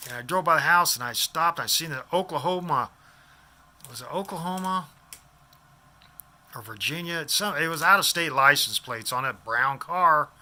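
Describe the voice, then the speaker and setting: Guy in his 50s rambling thru a story, kinda high voice, real sharp cutting tone. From Des Moines, Iowa. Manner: rambling, loses names, restarts sentences. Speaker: vlogger.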